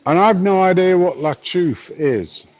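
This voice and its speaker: A man's voice: high voice, expressive, measured pace, darkish tone, dull audio. Wry man streaming from a bar. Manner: chatty, wry, reads chat messages aloud. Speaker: live streamer. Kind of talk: casual live-stream chat. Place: bar, drinking a pint. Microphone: phone.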